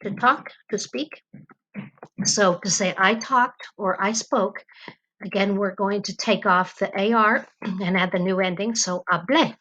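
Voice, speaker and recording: A woman's voice: mid-range voice, bright, forceful tone, dull audio. A woman teacher narrating a grammar lesson from home, explaining patiently with ums and uhs. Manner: slow, patient explaining with fillers. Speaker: Spanish teacher.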